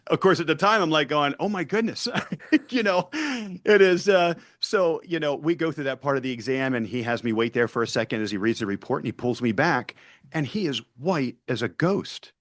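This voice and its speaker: A man's voice: on the high side, animated, normal speed, fairly bright tone, no room sound, clean studio sound. A man in his forties, a podcast guest, earnestly telling a personal story and acting out the dialogue.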